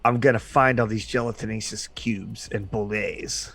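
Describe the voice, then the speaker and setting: Guy doing a brash kobold schemer, cussing nonstop, kinda low and quiet. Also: fairly even intonation, normal speed, gravelly. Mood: boastful. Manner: swears constantly, boastful.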